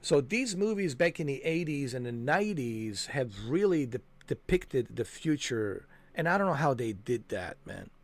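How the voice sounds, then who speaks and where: Very animated and barely pausing, a man with a medium-pitched voice speaks at a normal speed. As host of a gaming channel, he rambles casually over a game walkthrough, tossing in "man" and "dude" and stumbling through fillers and self-corrections while hunting for names.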